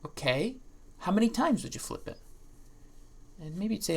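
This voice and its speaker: A woman professor giving a recorded statistics lecture, playful and lively, acting out what imagined students would say, with frequent restarts and asides. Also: fairly low pitch, normal speed, creaky, long pauses, husky.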